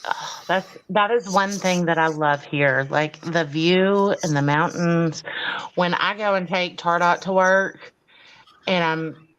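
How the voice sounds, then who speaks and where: A woman's voice: lowish voice, slow pace, fairly bright tone, clear, resonant tone, rough recording. A woman with a Texas accent, co-hosting a casual live stream chat and laughing easily. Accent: Texas Southern.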